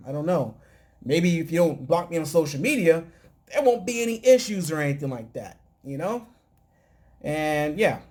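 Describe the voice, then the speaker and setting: A man's voice: fairly high pitch, a little mellow. A man hosting a casual talk show, recapping episodes in a loose, rambling way full of fillers. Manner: mimics cast lines in quoted bits. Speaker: podcast host.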